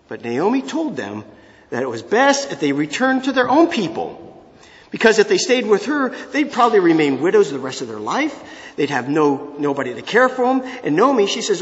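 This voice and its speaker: A man teaching a Bible lesson, his slightly high voice rising and falling a great deal as he tells the story. He keeps asking his listeners questions. The sound is dull and lo-fi, with a long reverb from a large hall. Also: normal speed. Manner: expressive, asks listeners questions.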